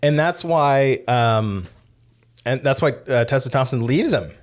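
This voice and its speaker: A man co-hosting a podcast, talking casually about films with lots of fillers and quick tag questions. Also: mid-range voice, expressive. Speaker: podcast co-host. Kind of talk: casual film discussion.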